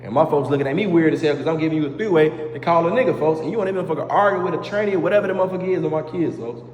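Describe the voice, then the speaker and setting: Street slang and repeated oaths fill this man's casual storytime, delivered in a racing, highish voice as he animatedly acts out the heated parts. The audio is dull with a little hiss or hum, in an echoey room with long reverb.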